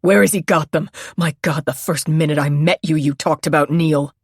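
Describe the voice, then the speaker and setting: A woman playing a frantic shouting father. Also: deep voice, fairly even intonation, normal speed, husky, no echo, studio quality.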